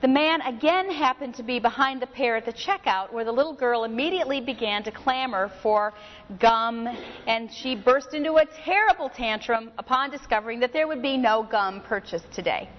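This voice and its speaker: A woman's voice: fairly high pitch, expressive, normal speed. Woman speaker in a reverberant hall. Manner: conversational storyteller, uses "you know". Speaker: session speaker. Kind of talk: spoken talk with anecdote. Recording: dull lo-fi recording with long hall reverb.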